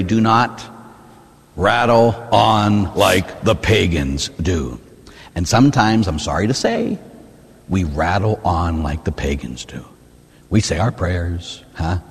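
Animated preaching priest in a reverberant hall. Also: male voice, fairly low pitch, breathy edge. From United States. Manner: animated preaching, asks "huh?" often, swings between loud and hushed. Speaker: Catholic priest. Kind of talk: sermon.

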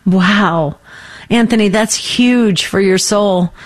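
A woman's voice: medium pitch, takes it slowly. A woman hosting a faith-based radio call-in show, affirming and encouraging her callers.

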